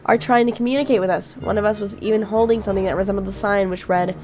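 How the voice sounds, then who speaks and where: This gaming YouTuber has a slightly mellow, mid-range voice with fairly even intonation and a quick pace. She gives chatty, reactive game commentary, reading its text out and swearing freely, over faint game music.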